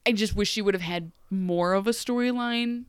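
A woman's voice: mid-range voice, moderate pace, clear, resonant tone, no room sound. Joking woman podcaster from Ohio, dry sound. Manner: joking, rambling. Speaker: podcast co-host. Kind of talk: casual TV recap chat.

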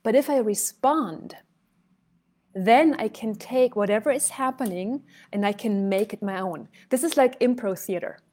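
A woman voice and speech coach talking casually, telling a story and shifting her loudness to illustrate her points. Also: mid-range voice, measured pace. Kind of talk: conversational coaching talk.

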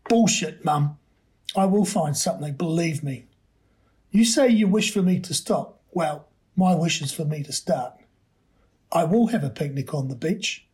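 A man's voice: fairly high pitch, measured pace, darkish tone, close to an everyday voice. A man voicing a stubborn, earnest seventeen-year-old boy who dreams of adventure.

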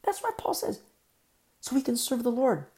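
A woman's voice: on the high side, very animated, normal speed, dark tone. A woman preacher giving a verse-by-verse Bible teaching. She is emphatic and rhetorical, repeats key phrases and keeps asking "You see?".

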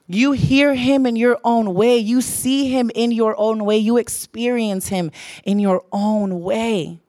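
A woman's voice: fairly high pitch, steady tone, takes it slowly, mellow, no echo, clean studio sound. A young adult woman giving an earnest sermon, repeating phrases for emphasis. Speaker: church speaker.

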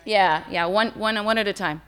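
Bright, teasing woman co-host. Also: medium pitch, smooth. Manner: teasing, profane, quick interjections. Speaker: podcast co-host. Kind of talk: casual chat.

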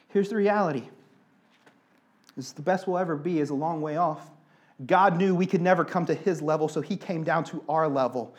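A man in his thirties, a pastor preaching an animated sermon and driving points home by repeating phrases. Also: high-pitched, normal speed, long pauses.

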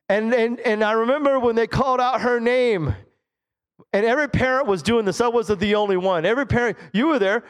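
A middle-aged man, a Pentecostal pastor, preaching a sermon in church, animated, with low asides and sudden shouted exclamations. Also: clean tone. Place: church sanctuary.

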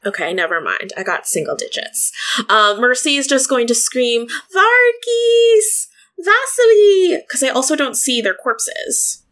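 A woman's voice: a little high, normal speed, bright, forceful tone. A woman playing a tabletop game, hesitant and thinking aloud as she narrates her character. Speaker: player. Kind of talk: tabletop role-play.

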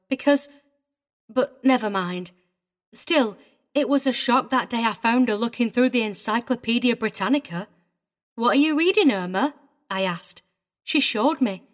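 A woman's voice: fairly high pitch, natural voice. A woman voicing a prim, tearful middle-aged governess in a dramatized audiobook reading, agitated and wavering.

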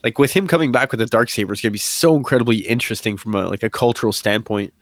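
A man co-hosting a casual podcast chat, animated and excited, full of fillers and acted-out quotes. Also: mid-range voice, racing, dry recording, studio quality. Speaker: podcast co-host.

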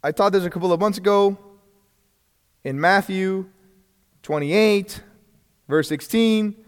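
High-voiced man teaching in a reverberant hall. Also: takes it slowly, clear, resonant tone. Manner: conversational, asks the class rhetorical questions; earnest, chuckles between points. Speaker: church evangelism teacher. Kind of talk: casual teaching to a class.

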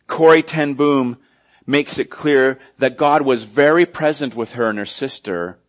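An earnest male preacher delivering a sermon at a medium pitch. He presses key phrases with sudden force, then drops into hushed, quiet stretches. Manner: earnest, rising and falling from loud emphasis to hushed quiet. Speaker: pastor.

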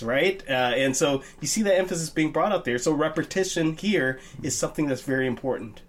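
A man co-hosting a Bible study podcast in relaxed, casual chat, hesitating with many fillers. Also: medium pitch, a little fast, few pauses.

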